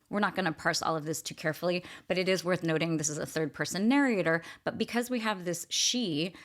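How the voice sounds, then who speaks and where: Casting: woman host of a book talk, lower voice, chatty and enthusiastic, literary analysis. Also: a bit bright. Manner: enthusiastic, chatty, many fillers.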